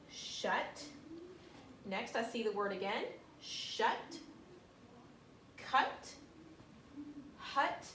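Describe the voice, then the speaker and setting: A woman teacher giving a phonics lesson to young children, sounding out each word slowly and carefully. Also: fairly high pitch, fairly bright tone. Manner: slow, sounding out words carefully. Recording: roomy room, distant mic, faint hiss.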